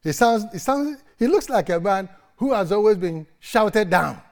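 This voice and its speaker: Preacher man, dramatic sermon delivery, slow paced, loud-to-soft swings. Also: high voice, lively intonation. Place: church service.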